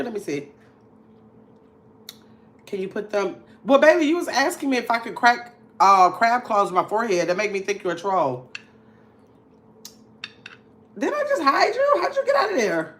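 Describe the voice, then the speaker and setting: A woman's voice: on the high side, a bit bright. Chatty woman streamer from Milwaukee. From Milwaukee, Wisconsin. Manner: chatty, teasing, talks straight to the chat. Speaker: livestream host. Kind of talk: casual livestream chat with viewers.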